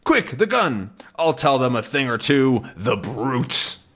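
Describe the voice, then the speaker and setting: A man's voice: fairly low pitch, level tone, slow pace. A man voicing a hot-tempered, middle-aged male sea captain from a comic, reading the lines in a blustering, theatrical way.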